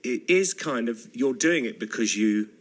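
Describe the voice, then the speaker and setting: Male radio presenter, animated voice that rises and falls widely, conversational interviewer in a studio. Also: mid-range voice, normal speed. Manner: probing, conversational questions.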